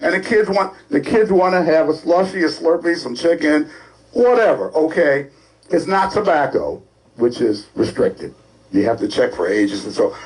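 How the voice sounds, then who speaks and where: A male co-host from ranting in an animated, scolding, sarcastic way on a talk show. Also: on the high side, low-quality recording. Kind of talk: opinionated talk-show rant.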